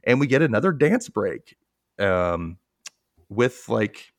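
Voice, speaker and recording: A man's voice: on the low side, takes it slowly, creaky, no echo, clean studio sound. A young man hosting a podcast, recapping a show in casual chat and acting out scenes. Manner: animated, acts out scenes in silly voices. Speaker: podcast host.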